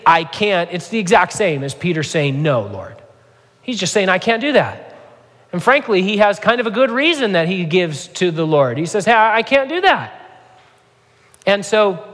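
A man's voice: high-pitched, fairly bright tone. Earnest man preaching in a reverberant hall. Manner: earnest, conversational preaching with asides. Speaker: pastor. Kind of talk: sermon.

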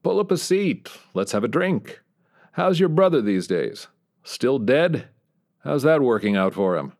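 A man's voice: mid-range voice, sing-song, measured pace, a little mellow, pitched above the performer's own voice. A man voicing a wisecracking retired spy of about seventy, trading dry, sardonic quips. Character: wisecracking dying old male ex-spy, seventy.

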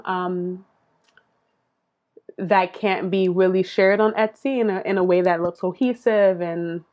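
A woman's voice: fairly low pitch, steady tone, a little slow, highs cut off. A woman guest in a casual interview, chatting about her knitting business with frequent laughs and fillers. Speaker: guest, knitwear maker.

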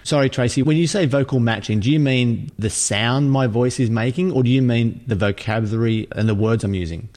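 A man hosting a podcast interview, asking long questions in a relaxed, conversational way. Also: medium pitch, a little fast, hardly any pauses. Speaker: podcast host.

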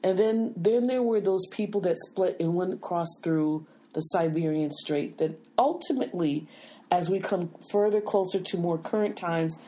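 Insistent woman host, low mellow voice. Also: moderate pace. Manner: insistent, keeps the floor with "wait a minute". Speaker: podcast host. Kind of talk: casual chat.

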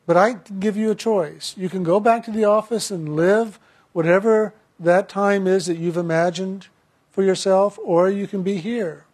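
A man's voice: high voice, fairly even intonation, moderate pace. Man quoting a patient male spirit guide. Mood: gentle. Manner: gentle, patient, persuasive.

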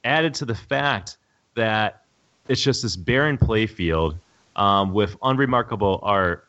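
A man's voice: lowish voice, lively intonation, a little slow, a bit bright, dull audio. A man who is a podcast guest, giving an opinionated review of a game with frequent fillers. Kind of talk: casual chat, game review.

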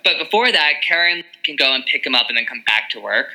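Animated young woman with a bright voice. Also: very deep voice, fast talker, rough recording. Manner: animated, laughing, full of filler likes. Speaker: podcast co-host. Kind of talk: casual chat.

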